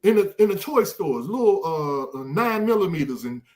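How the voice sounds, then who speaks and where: A man's voice: sits high, very animated, moderate pace, a little mellow. An older man hosting a podcast, talking casually and with animation, often repeating words as he searches for a thought. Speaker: podcast host.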